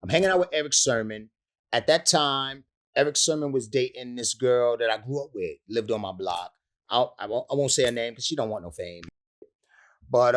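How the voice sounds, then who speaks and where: Slangy man spinning a lively story. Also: mid-range voice. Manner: slangy, acts out other people's voices in quotes. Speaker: rapper interview guest. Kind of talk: animated storytelling anecdote.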